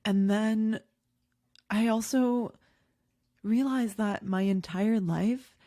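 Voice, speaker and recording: A woman's voice: medium pitch, takes it slowly, warm tone, no echo, studio quality. A woman in her thirties, a podcast host, candidly recounting a personal experience with many fillers and emotional moments. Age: 30s. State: tearful at times. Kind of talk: personal storytelling.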